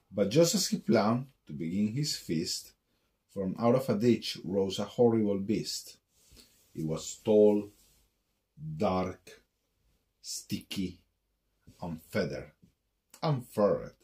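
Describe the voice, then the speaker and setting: Guy reading a rhyming kids book at bedtime, low voice, slow, bouncy sing-song. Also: animated, warm tone. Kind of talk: reading a picture book aloud.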